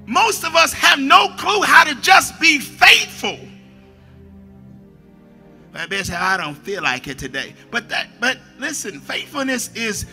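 A man preaching a sermon as a pastor, shouting at the peaks, dropping to quiet asides, and repeating his phrases. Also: extremely high pitch.

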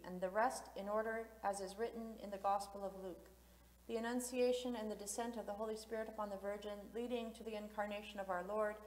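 A woman reading hymns and the feast's story aloud in church, solemn and measured. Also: medium pitch. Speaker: reader and chanter. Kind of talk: liturgical reading and chant. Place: large church. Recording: roomy echoing church from afar.

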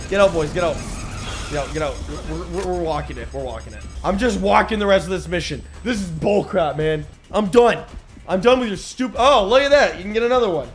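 A man commentating his gameplay, sarcastic and excitable, often shouting at the game. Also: high-pitched, a little fast, faint music behind. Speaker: gaming video host. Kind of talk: let's play commentary.

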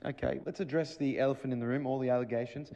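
A man's voice: medium pitch, fairly even intonation, fast talker, gravelly, dark tone, in a large hall, highs cut off, pitched below the performer's own voice, close to an everyday voice. A man playing a polite male interviewer who asks questions carefully.

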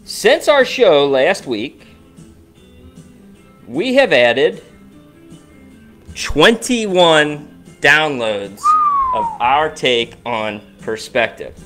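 A man co-hosts a relaxed podcast, talking in a casual, animated way. His voice sits a bit high and swings widely in pitch as he goes through the numbers. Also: extremely slow, pauses often, faint music behind. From Cincinnati, Ohio area. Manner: animated, walks through download stats. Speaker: podcast co-host.

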